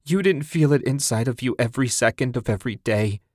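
Man voicing a shrill, hysterical grieving wife. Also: expressive, a little fast, a little mellow, dry recording, studio quality, close to an everyday voice. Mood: anguished. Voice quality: shrill and screeching.

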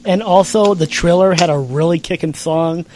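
A man's voice: fairly high pitch, moderate pace. A man co-hosting a podcast in casual chat, eager and stammering as he restarts. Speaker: podcast co-host. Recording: noisy background.

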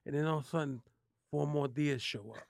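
A man from New City, a guest telling animated, profane stories with lots of restarts. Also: fairly high pitch, fairly quick, creaky, dry recording, studio quality. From New York City. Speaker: guest actor. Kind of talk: casual interview storytelling.

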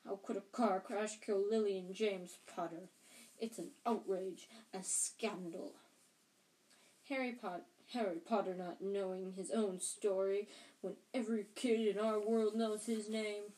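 A huge, gentle groundskeeper from a storybook, speaking in a low, worried voice that halts and restarts, as a woman reading aloud puts him on. He talks slowly, with a warm, mellow tone. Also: fairly even intonation, close to an everyday voice, rough recording. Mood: angry.

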